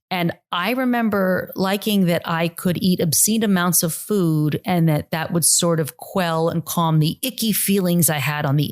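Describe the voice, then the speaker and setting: A woman in her forties speaks in a somewhat low voice as a podcast host. She tells personal stories in an earnest, reflective way and often restarts her sentences. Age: 40s. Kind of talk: personal storytelling monologue.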